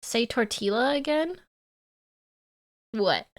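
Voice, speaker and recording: A woman's voice: a little high, expressive, takes it slowly. A woman from Canada, giving playful live-stream reaction commentary and teasing her chat.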